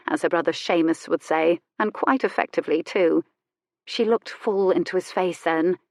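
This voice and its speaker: A woman narrating a historical romance audiobook in an expressive, measured storytelling manner. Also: on the low side, dry recording, studio quality. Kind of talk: scripted narration.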